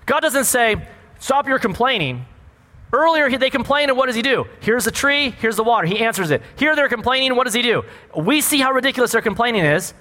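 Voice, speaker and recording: A man preaching a sermon as a pastor, animated and full of rhetorical questions. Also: on the high side, long reverb tail.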